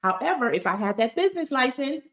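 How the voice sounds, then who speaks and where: A woman's voice: high voice, big pitch swings, fast, fairly bright tone. A woman, a tax resolution expert giving casual advice straight to camera. She tells stories with plenty of emphatic asides. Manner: chatty, emphatic, storytelling with asides.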